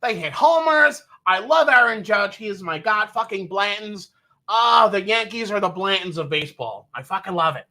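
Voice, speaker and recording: A man playing a crude, excited baseball fan at a stadium, gushing and cursing. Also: high voice, brisk, hardly any pauses, exaggerated voice. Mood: giddy.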